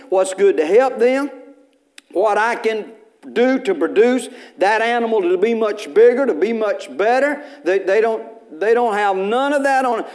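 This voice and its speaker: A male pastor, preaching a sermon in church in a folksy storytelling way, with bursts of loud preaching. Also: sits high.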